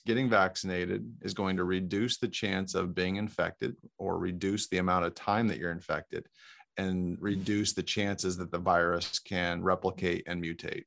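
A man, a physician guest on a podcast, explaining in a measured way. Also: low voice, gravelly, a bit bright. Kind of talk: explanatory interview talk.

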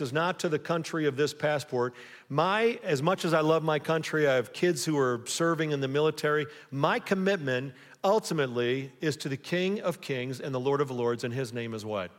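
Man preaching in an echoing church. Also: a little high. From United States. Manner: call-and-response preaching, rising emphasis. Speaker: pastor. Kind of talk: sermon. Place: church sanctuary. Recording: long reverb of a church hall.

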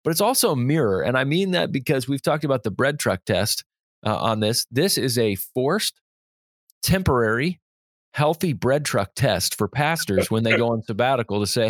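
A man, a pastor hosting a podcast, talking in a casual, animated way and reading quotes aloud. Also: mid-range voice, moderate pace, no room sound, clean studio sound. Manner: animated storytelling, laughs easily, reads quotes aloud.

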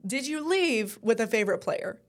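A woman's voice: on the high side, lively intonation, moderate pace. A young woman co-hosting a talk show, chatting with enthusiasm and plenty of ums. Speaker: co-host at a news station. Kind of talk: casual chat.

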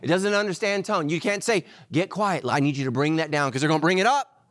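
A man preaching a sermon as pastor, animated, swinging between loud emphatic lines and hushed ones. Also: on the high side, quick pace, dry recording.

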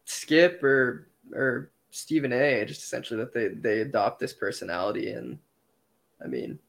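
Male guest with a gravelly voice, laid-back and hesitant in sports chat. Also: medium pitch, animated, moderate pace. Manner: hesitant, many fillers and restarts. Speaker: podcast guest.

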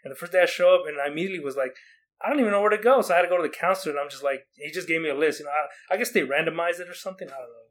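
A man's voice: a little high, very fast, hardly any pauses, fairly bright tone. A young man from Oregon casually telling stories from his school days, rambling with lots of restarts and acting out quotes. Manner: rambling, many likes and restarts, acts out quotes. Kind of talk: casual storytelling.

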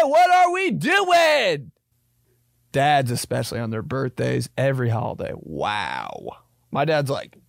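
A young man with a mid-range voice and some vocal fry hosts a podcast, riffing through a jokey comedic monologue and slipping into silly voices. The studio-quality recording has no echo.

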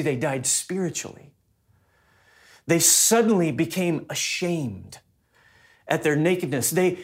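A man preaching a sermon as a pastor, in a conversational way that mixes personal stories with teaching. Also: sits high.

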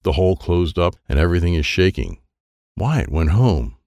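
A man's voice: sits low, big pitch swings, moderate pace, darkish tone, no echo, clean studio sound. A man reading a children's book aloud in first person, in plain short sentences. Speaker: audiobook narrator.

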